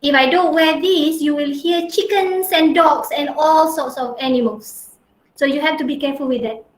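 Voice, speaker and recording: A high-pitched young woman teaching an online class through a headset, chatty and teasing, often tagging her sentences with "huh?". Her voice rings in an echoey room at home. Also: normal speed. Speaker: lecturer. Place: home in a rural area.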